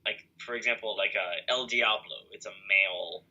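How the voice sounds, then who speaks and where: A man's voice: lowish voice, moderate pace, pushed and bright, highs cut off, a little hiss or hum. A young man co-hosting a podcast over a video call, chatting casually and rambling with lots of fillers and restarts. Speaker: podcast co-host. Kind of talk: casual chat.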